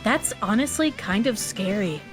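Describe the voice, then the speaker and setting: A woman's voice: medium pitch, lively intonation, normal speed, music in the background. A tired young woman co-hosting a stream, chatty and stumbling over her words. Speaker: co-host. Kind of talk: casual stream chat.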